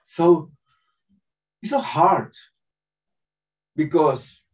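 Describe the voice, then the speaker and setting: At a spiritual festival, a man in his forties gives a personal talk in broken English, acting out voices and laughing often. His fairly high, expressive voice stretches out words. The recording sounds dull and distant.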